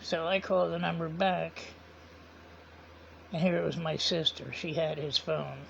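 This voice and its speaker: A man's voice: fairly high pitch, flat delivery, a little slow, fairly bright tone, a little hiss or hum. A man telling a personal story in a casual, rambling way, retelling each conversation with "I said" and "he said". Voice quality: gravelly. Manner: rambling, repeats quoted dialogue with "I said" and "he said". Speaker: vlogger. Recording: dull lo-fi sound.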